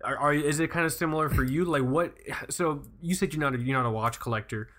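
A man's voice: a little high, quick pace, a bit bright. Rambling, swearing young man in casual chat. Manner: rambling, swears freely, many fillers. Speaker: podcast co-host.

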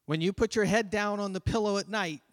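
A grandfather and pastor preaching a sermon in a church, emphatic and repetitive, pausing between words. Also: high-pitched. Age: older. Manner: emphatic, repeats key phrases, pauses between words. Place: church sanctuary. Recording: long reverb in a large hall.

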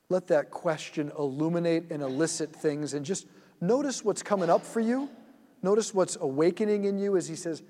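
Gentle man leading a guided prayer. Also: a little high, big-room sound. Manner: gentle, slow and soothing, drops to a hush. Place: church hall.

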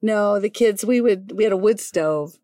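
A woman's voice: medium pitch, moderate pace, mellow, no echo, studio quality. Woman in her sixties sharing a memory. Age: 60s. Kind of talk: storytelling in casual conversation.

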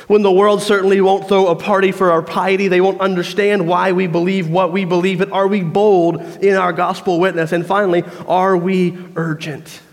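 A man preaching a sermon, telling a story and acting out crowd voices. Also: high voice. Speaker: pastor. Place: church. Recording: long reverb of a church hall.

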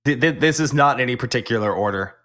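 A man's voice: mid-range voice, fast talker, a bit bright. A man hosting a casual podcast chat, playful and teasing, swearing freely. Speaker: podcast host.

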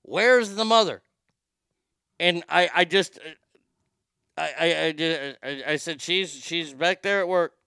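Speaking slowly with frequent pauses, this middle-aged show host rambles through a profane, casual story, stammering and restarting often. His slightly high voice is creaky, pushed and bright, yet smooth, recorded clean in a studio with no room sound.

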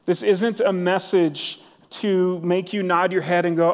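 A man's voice: sits high, fairly even intonation, a little slow. A middle-aged man pastor giving a casual, enthusiastic sermon, peppered with "like" and "literally". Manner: casual, enthusiastic, many "like" fillers. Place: church sanctuary. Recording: long church hall reverb.

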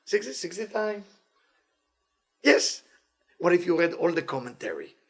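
Gravelly, husky-voiced man teaching Torah. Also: sits high, a little slow. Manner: animated, playful, non-native English phrasing. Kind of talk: weekly inspirational Torah talk.

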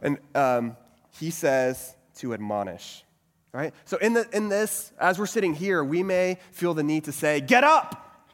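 A man's voice: a little high, expressive, unhurried. A man giving a sermon-style teaching talk, asking many rhetorical questions and repeating a catchphrase. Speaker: pastor teaching a group. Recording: long reverb of a hall.

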